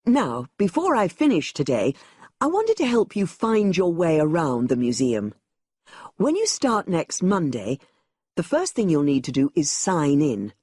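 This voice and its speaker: Husky low-voiced woman giving directions. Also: sing-song, unhurried, darkish tone, no room sound, clean studio sound. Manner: clear, explanatory, giving directions. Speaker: museum staff member briefing new volunteers. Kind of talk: scripted exam listening recording.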